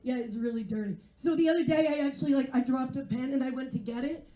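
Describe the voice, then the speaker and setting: Woman, forties, stand-up comedian, high voice, wry banter, echoey room. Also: fast talker, dark tone. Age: 40s. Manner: wry, self-mocking, chatty with the crowd. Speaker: stand-up comedian and English teacher. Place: live comedy venue.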